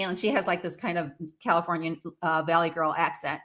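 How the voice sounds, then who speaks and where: A woman's voice: lowish voice, steady tone, moderate pace, few pauses, a bit bright. A woman hosting her own show, giving casual, opinionated commentary on celebrity news with lots of fillers and asides. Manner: chatty and opinionated, with many fillers. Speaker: host.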